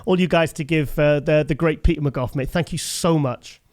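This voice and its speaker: A man's voice: fairly high pitch, normal speed, a little mellow. A British man hosting a remote interview, chatty and hesitant, with many restarts. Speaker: host, magazine writer. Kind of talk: casual interview chat.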